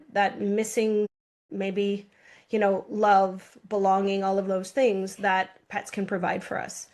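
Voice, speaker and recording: A woman hosting an interview, speaking reflectively and searching for words. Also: mid-range voice. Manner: searching, hesitant, with fillers. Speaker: podcast host.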